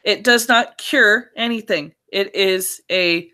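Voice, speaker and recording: A woman's voice: medium pitch, takes it slowly, bright, forceful tone. A woman co-hosting a podcast, talking bluntly and laughing easily in casual news chat. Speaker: podcast co-host.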